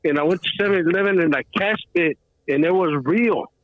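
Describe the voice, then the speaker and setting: High-voiced caller with a streetwise ramble. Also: male voice, brisk, no echo. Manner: rambling, streetwise slang, repeats "bro". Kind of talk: casual storytelling. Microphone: phone call. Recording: tinny phone line.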